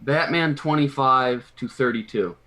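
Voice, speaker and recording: A man's voice: mid-range voice, measured pace. Male co-host, laid-back and a bit unsure, mid-range voice, plenty of ums. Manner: relaxed, hesitant, full of ums. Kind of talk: casual chat.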